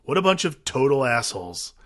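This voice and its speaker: A man's voice: medium pitch, big pitch swings, brisk, over a noisy crowd. A man co-hosting a movie podcast, making wry, joking remarks in casual chat. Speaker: podcast co-host.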